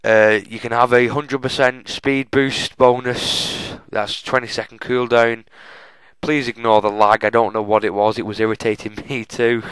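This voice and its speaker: A man's voice: mid-range voice, a bit bright, clean tone, dry recording, rough recording. A young man giving chatty, self-mocking walkthrough commentary on a game, often addressing viewers as folks. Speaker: gaming channel host.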